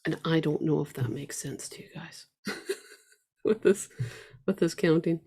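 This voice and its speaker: A woman's voice: low voice, measured pace, darkish tone, husky. A woman teaching an online ukulele class, counting beats aloud and chatting with her students. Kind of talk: online group music lesson. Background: ukulele playing.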